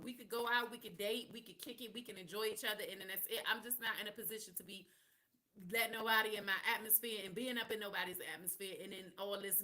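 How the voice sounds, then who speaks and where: A woman's voice: mid-range voice, pushed and bright. A woman hosting a live podcast, telling stories in a candid, sassy, slang-heavy way. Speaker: podcast host. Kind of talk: casual live podcast chat.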